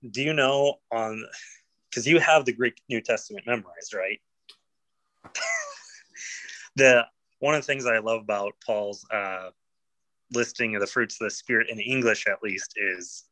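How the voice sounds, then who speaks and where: A man's voice: mid-range voice, fairly bright tone, dry recording, rough recording. A man who is a pastor, chatting casually with a friendly, self-deprecating manner and easy laughs. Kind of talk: casual chat.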